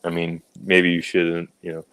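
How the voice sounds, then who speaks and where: A man's voice: low voice, completely flat delivery, normal speed, fairly bright tone, clear, resonant tone. A man co-hosting a podcast, blunt and sarcastic in casual chat, with "like" scattered through his talk. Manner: blunt, sarcastic, says "like" a lot. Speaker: podcast co-host.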